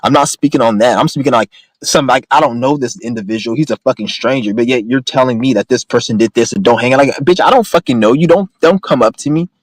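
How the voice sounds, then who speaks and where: A man's voice: medium pitch, fast, no room sound, rough recording. A young man in a casual, profane, rambling rant, speaking bluntly to his viewers. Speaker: vlogger.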